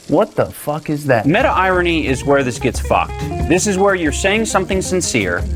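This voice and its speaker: A man narrating a documentary in a dry, sardonic explaining tone. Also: mid-range voice. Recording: narration with loud background music.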